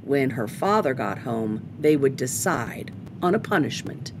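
Woman, storytime host, children's read-aloud, slow pace, lively pitch. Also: slight background noise. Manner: expressive, unhurried storytelling.

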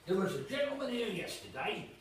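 A man's voice: sits high, very animated, slight background noise, pitched above the performer's own voice. A man doing a hearty, greedy old-time waiter. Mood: hearty, wheedling. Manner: hearty, wheedling, drawn-out exclamations. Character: jolly, greedy adult male inn waiter. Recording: echoey room, mic at a distance.

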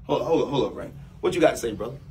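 A man playing a new boss in a comedy sketch, bossy, loud and teasing, with big swings in pitch. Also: racing, slight background noise.

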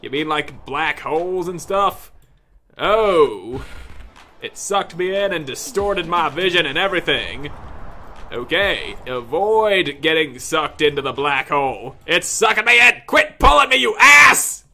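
A man commentating his own gameplay, yelling and cursing at the game in frustration, with mock-pompous outbursts. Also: fairly high pitch, lively intonation, unhurried, slight background noise.

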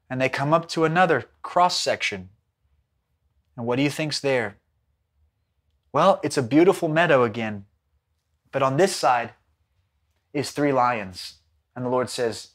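A man from South Africa preaching a Bible study, telling stories dramatically and swinging between excited and hushed delivery. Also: medium pitch, moderate pace, long pauses.

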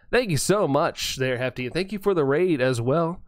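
Smooth, dry-voiced laid-back male streamer. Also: a little high, expressive, moderate pace, hardly any pauses, no room sound. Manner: laid-back, chuckles often, greets chatters by name. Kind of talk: casual live-stream chat reading viewer messages.

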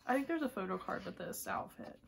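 A woman's voice: mid-range voice, fairly quick, a little hiss or hum. Gushing woman unboxing, slipping into whispers. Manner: gushing, excitable, drops into breathy whispers. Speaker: vlogger unboxing a photobook. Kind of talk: casual unboxing commentary.

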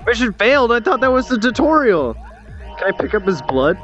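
Young man, streamer, excitable, jokey, lively pitch, faint music. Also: fairly quick, dull audio. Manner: excitable, jokey, loud reactions. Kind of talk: casual game commentary.

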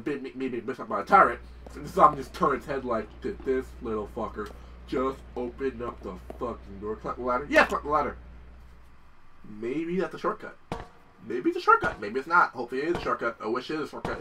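A man giving casual let's-play commentary, excitable, swearing often and talking to the game characters. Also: fairly high pitch, recorded from a distance, background noise. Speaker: gameplay commentator.

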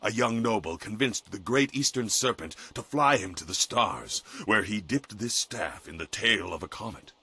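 Formal older weapon master, game character, bright husky tone, dry sound. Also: male voice, on the low side, expressive, no echo, exaggerated voice. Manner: formal, measured storytelling.

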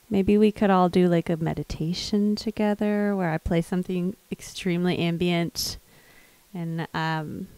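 A woman's voice: on the low side, a little mellow, no room sound, poor audio. A woman musician from the American South, with no regional accent, hosting a livestream. She talks in a rambling, thoughtful way between songs, with lots of fillers, and reads out viewer comments. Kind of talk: casual chat between songs.

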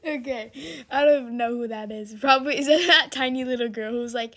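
A young woman giving casual, giggly commentary over her own gameplay, chatty and shifting between loud squeals and quiet mutters. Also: high voice, moderate pace. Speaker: gaming video creator.

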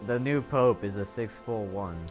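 A man's voice: mid-range voice, moderate pace. A man joking and swearing in casual chat with friends while playing a strategy game. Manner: profane, joking commentary. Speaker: game player. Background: game music.

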